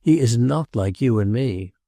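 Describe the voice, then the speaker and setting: A man's voice: mid-range voice, lively intonation, measured pace, dark tone, no room sound, studio quality. A male audiobook narrator voicing a blunt, plain-spoken young working man with a Northern English accent. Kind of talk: audiobook character reading.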